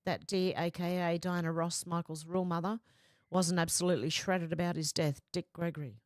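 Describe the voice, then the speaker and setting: A woman's voice: lowish voice, moderate pace, dry recording. Chatty woman reading live chat, dry sound. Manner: chatty, reads comments in a flat running voice with asides. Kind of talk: casual chat reading viewer comments aloud.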